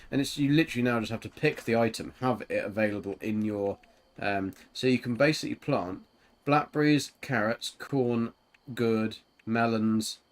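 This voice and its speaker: A man streaming a game and chatting casually with a teammate, rambling with lots of fillers and giggles. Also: on the low side. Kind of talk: casual chat while gaming.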